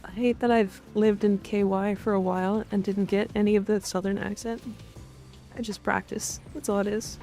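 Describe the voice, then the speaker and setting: Woman, from Canada, streamer, gravelly, mid pitch, casual and frank, faint background music. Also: flat delivery, moderate pace, warm tone. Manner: frank, profane, joking. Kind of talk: casual chat reading and answering chat.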